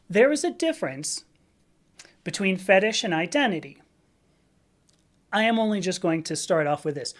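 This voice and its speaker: Chatty Valley-accented woman live streaming. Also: mid-range voice. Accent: Southern Californian Valley. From Southern California. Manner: chatty and candid, with frequent fillers and restarts. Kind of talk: casual live-stream chat, reading viewer comments.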